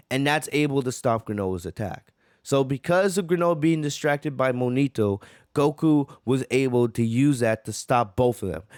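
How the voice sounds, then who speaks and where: A man's voice: mid-range voice, no room sound, studio quality. Eager man reacting to a manga chapter. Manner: eager, keeps asking "right?". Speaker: host.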